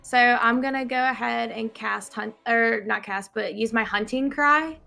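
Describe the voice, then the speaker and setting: A woman's voice: fairly high pitch, unhurried, creaky, bright, forceful tone, faint music behind. A woman playing a tabletop game who talks casually and laughs easily. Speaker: player.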